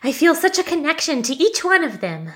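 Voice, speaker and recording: A woman's voice: high-pitched, big pitch swings, a little fast, fairly bright tone, pitched above the performer's own voice. A woman voicing a bubbly young woman who poses as a campus visitor, chirpy and a little flustered.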